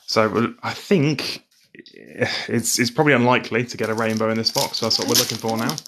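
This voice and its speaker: A man's voice: mid-range voice, brisk, very noisy. Man listing cards on a live stream. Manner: calls out card names in a steady list. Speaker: card-opening streamer. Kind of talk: live-stream pack opening chat.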